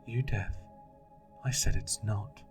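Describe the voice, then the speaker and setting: A man voicing an unseen sneering entity in an attic, low and raspy, speaking slowly and coaxingly. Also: fairly even intonation, soft background music.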